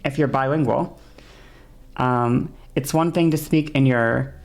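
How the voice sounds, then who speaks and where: A woman's voice: extremely low pitch, a little slow, darkish tone. A woman streamer with a sore throat, chatting casually and explaining at length, rambling with many fillers and restarts. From English-speaking.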